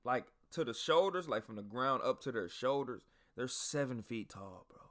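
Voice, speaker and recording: A man's voice: mid-range voice, expressive, normal speed, fairly bright tone. A man hosting a podcast, telling stories casually and profanely, talking straight to his listeners. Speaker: podcast host. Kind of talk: casual storytelling.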